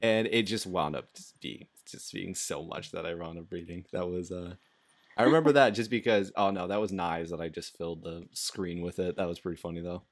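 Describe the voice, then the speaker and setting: A man's voice: sits low, brisk. A man hosting a casual podcast chat, rambling along with frequent laughs and fillers. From United States. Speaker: podcast host.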